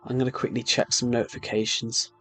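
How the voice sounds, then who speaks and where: A man's voice: mid-range voice, level tone, quick pace, a bit bright, husky, faint music behind. A young man with a sore throat, chatting in a rambling way while live-streaming a video game. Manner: rambling, chatty, with frequent restarts and fillers. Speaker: gaming streamer. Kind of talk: casual live-stream chat while playing.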